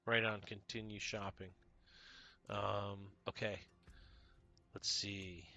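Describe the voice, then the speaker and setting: A man's voice: fairly low pitch, little pitch movement, slow, vocal fry, sharp tone. A man streaming a video game, chatting casually and greeting viewers by name. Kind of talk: casual livestream chat while playing.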